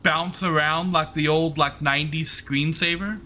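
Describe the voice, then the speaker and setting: Male game streamer, bright voice, a bit high, loose rambling chat. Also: fairly even intonation, unhurried, slight background noise. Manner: rambling, many fillers and restarts. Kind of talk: casual chat while gaming.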